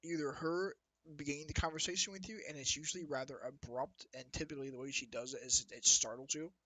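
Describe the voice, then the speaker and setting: A man's voice: a little high, steady tone, fast talker, sharp tone, dry recording, rough recording. A man narrating as dungeon master in a loose, rambling way, with restarts and asides. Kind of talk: narrating a tabletop game.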